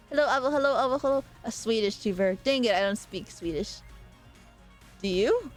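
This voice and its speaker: A young woman streaming a game and chatting casually, excitable and quick to swear, with loud playful outbursts. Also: on the high side, faint music behind. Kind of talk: casual live-stream gaming commentary.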